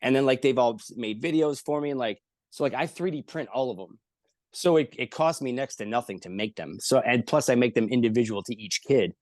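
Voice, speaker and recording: Jokey man spinning animated stories. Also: mid-range voice, a little fast, dry recording. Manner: animated, jokey storyteller who acts out the people he quotes, with frequent swearing. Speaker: comedian guest. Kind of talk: casual storytelling in an interview.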